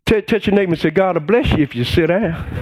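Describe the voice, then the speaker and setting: High-voiced male pastor preaching. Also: background noise. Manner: preaching with shouted exclamations and call-and-response; drawn-out emphatic phrases. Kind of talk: sermon.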